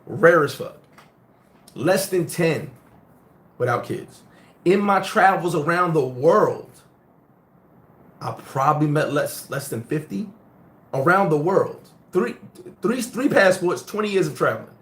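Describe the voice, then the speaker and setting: Man, middle-aged, from the United States, host, casual live-stream chat, blunt, profane, animated storytelling, slightly higher voice. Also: measured pace, long pauses.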